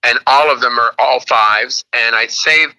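A man being interviewed, telling lively stories in casual chat and acting out the people he quotes. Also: unhurried, poor audio. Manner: animated storyteller, acts out quotes in a higher voice. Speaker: guest.

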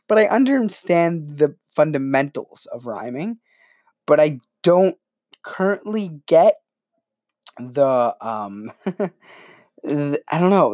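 Young man, casual educational host, rambling with fillers, higher-pitched, dry sound. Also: darkish tone, no room sound. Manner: rambling, self-reflective, filler-heavy. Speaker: channel host. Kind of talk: casual educational talk to camera.

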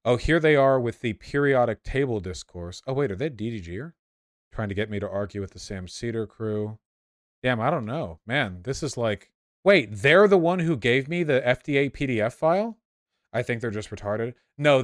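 A man giving casual, sarcastic commentary while reacting to video clips, with quick asides. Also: medium pitch, lively intonation, no room sound, clean studio sound.

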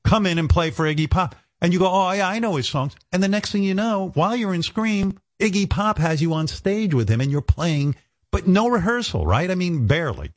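A man's voice: sits high, expressive, fairly quick. A man hosting a casual interview, enthusiastically prompting his guest's stories. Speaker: host.

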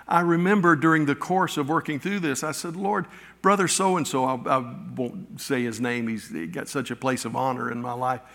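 Middle-aged pastor guy telling stories from the pulpit, kinda high voice, church echo. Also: creaky, a bit bright. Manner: storytelling, halting restarts, acts out quotes. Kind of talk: sermon with personal stories. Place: church sanctuary. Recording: long reverb of a church hall.

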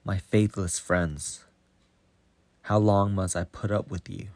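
A man voicing Jesus as a stern, commanding teacher in a storybook reading, in a measured way. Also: deep voice, fairly even intonation, gravelly, a little mellow, dry recording.

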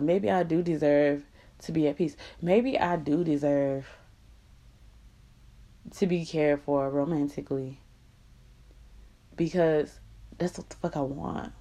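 A woman's voice: low-pitched, warm tone. A woman delivering an impassioned, profane monologue, blunt and emphatic with lots of repetition.

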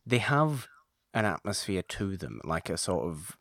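A man with a very low voice leads a casual podcast chat, rambling eagerly and doubling up on his words. The sound is dry and close, with no room echo. He keeps talking as a steady host. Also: measured pace. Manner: enthusiastic, rambling, repeats words.

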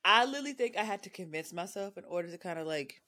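A woman co-hosting a podcast in casual chat, animated and acting out the things people say. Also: on the low side, fast, slight background noise. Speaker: podcast co-host.

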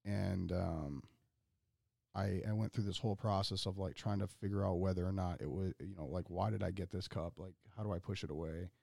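A man with a low, gravelly voice speaks as a guest on a casual podcast. He talks earnestly and carefully, pausing often with ums. The recording is dry and close. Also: fairly even intonation, a little mellow, no room sound.

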